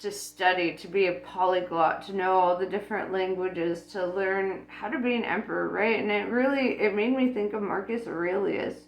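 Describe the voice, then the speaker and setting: A woman talking casually about spirituality, blunt and profane, laughing often. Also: medium pitch. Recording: echoey room with faint music.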